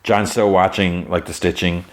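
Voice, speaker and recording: A man's voice: low voice, flat delivery, normal speed. A man hosting a podcast, casually retelling a show's plot in a rambling way, with lots of fillers and restarts. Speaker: podcast host.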